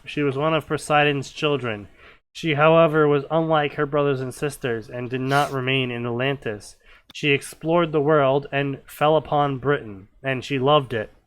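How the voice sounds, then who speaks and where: A young man reads fanfiction aloud as comedic dramatic reading, mocking the story with sarcastic commentary and breaking into laughter. His voice is mid-range with a fairly bright tone.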